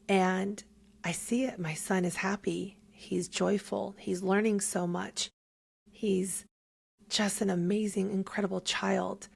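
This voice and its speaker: A woman's voice: medium pitch, gravelly, a little mellow, breathy edge. A young woman giving a heartfelt, emotional faith testimony as a podcast guest, at times close to tears.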